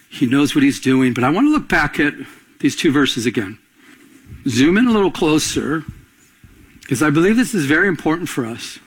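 A man preaching a sermon as pastor, repeating key phrases and asking the congregation to answer back. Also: a little high.

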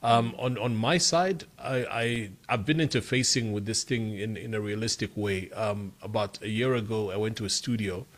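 Low-voiced man, halting and thoughtful. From Africa. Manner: thoughtful, halting, with many repeated words. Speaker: voiceover artist. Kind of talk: radio interview guest.

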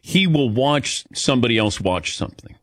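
A man's voice: medium pitch, normal speed, no echo, clean studio sound. A man hosting a casual chat show, telling stories animatedly and calling on his co-hosts. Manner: animated storyteller, calls on co-hosts. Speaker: host.

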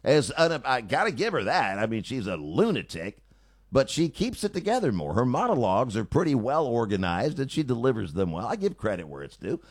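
A man's voice: mid-range voice, sing-song, a little fast, no echo. A man hosting a radio talk show, delivering a sarcastic, opinionated monologue from a studio on a studio mic.

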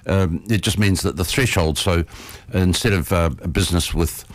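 A man co-hosting community radio, explaining things in casual chat with many pauses and fillers. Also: low-pitched, no echo. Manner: hesitant, many ums and uhs. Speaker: radio co-host.

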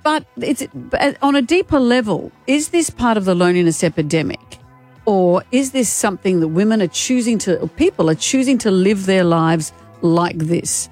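A woman's voice: mid-range voice, expressive, moderate pace, darkish tone, soft background music. A woman co-hosting a drive-time radio show, leading the topic in a conversational way. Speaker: radio co-host. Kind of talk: casual radio banter.

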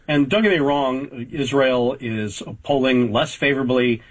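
A man in his fifties, a political reporter, giving measured, analytical answers as a talk show guest, with frequent fillers. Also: medium pitch, rough recording. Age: 50s.

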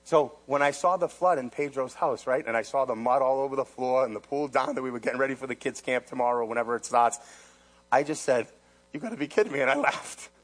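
A man preaching a sermon who repeats rhetorical questions and swings between hushed and loud. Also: medium pitch, quick pace.

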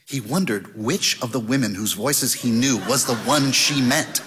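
A man narrating an audiobook with a lively, expressive delivery. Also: medium pitch, moderate pace, few pauses, slight background noise. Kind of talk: scripted narration. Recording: long hall reverb.

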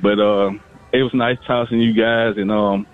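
A man calling in to a radio show, talking casually and haltingly and repeating his words. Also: lowish voice, steady tone. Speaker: caller. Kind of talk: casual phone-in chat. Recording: tinny phone line.

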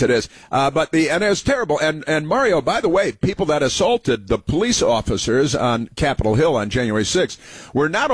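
A man's voice: medium pitch, slightly rough, dry recording. A man hosting a call-in radio show, talking in a rambling, opinionated monologue full of fillers and repeated phrases. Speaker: radio talk show host.

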